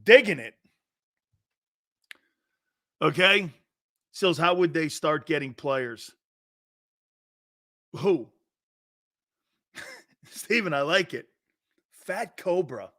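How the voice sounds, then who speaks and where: A man in his fifties from the northeastern United States, hosting a sports talk show in a casual, joking way and reading out viewer comments. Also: on the high side. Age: 50s. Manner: animated, joking, quick to laugh.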